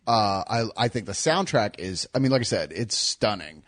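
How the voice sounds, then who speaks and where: A man co-hosting a film review, talking in a casual, lively way and laughing between points. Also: fairly low pitch, normal speed. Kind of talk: casual chat.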